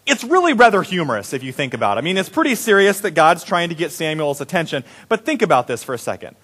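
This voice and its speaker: A man's voice: on the high side, big pitch swings, fast, fairly bright tone. A male pastor giving a sermon in a conversational, playful storytelling manner.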